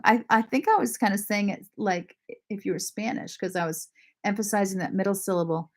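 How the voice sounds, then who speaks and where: Woman, from Maine, casual livestream host, chatty, apologetic, laughing, average pitch. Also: brisk. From Maine, USA. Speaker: lifestyle channel host. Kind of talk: casual livestream chat reading viewer comments.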